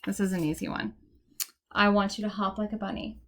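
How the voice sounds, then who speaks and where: A woman's voice: mid-range voice, fairly even intonation, a little fast, fairly bright tone. A young woman teaching a one-on-one phonics lesson, patient and encouraging, explaining step by step, recorded on a computer in an indoor room.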